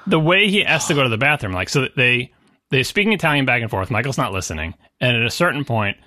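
A man co-hosting a casual film podcast, excitedly retelling scenes and acting out the characters' lines. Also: mid-range voice, fast, no room sound, studio quality. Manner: animated, acts out quotes in voices. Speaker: podcast co-host. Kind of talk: casual movie discussion.

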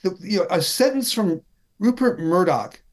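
A man talking politics in a casual chat, wry and halting, with many restarts. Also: high-pitched, lively intonation.

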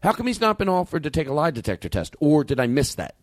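Animated, rambling male podcast host. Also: on the high side, fast talker, dry recording. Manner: rambling, animated, restarts and acts out quotes. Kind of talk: casual comedic podcast chat.

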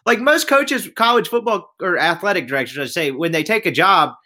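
A man with a high, bright voice co-hosts a casual sports podcast. His pitch swings widely as he fires off pointed questions. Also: a little fast. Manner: lively, asks pointed questions. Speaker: podcast co-host.

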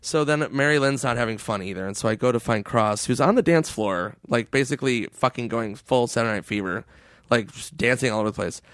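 A man's voice: a little fast, fairly bright tone, no room sound, studio quality. Man telling wild stories, laughing and swearing. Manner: laughs often, swears freely, acts out quotes in a high goofy voice. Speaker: podcast guest. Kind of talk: casual storytelling chat.

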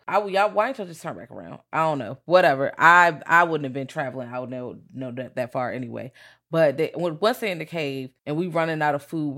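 A podcast co-host retelling a film's plot in an animated, profane, casual way. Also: medium pitch. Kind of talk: casual movie review chat.

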